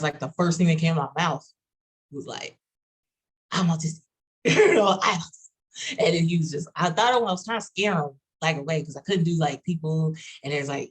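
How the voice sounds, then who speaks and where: A woman with a Texas accent, talking quickly with lots of fillers in a casual group video chat. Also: sits low, slightly rough, poor audio. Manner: fast-talking, fillers and run-on sentences. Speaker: roundtable participant.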